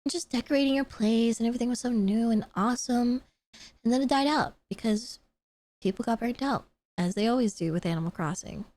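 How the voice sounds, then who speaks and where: A young woman streamer chatting casually on a live stream, gushing and excitable, laughing often and swearing freely. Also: a little high, brisk.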